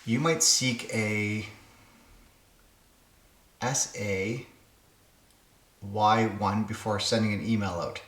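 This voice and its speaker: Slow, low-voiced man musing over puzzles. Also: steady tone, fairly bright tone, echoey room. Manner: muttering to himself, thinking aloud. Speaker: puzzle game channel host. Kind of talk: casual solo puzzle-solving commentary.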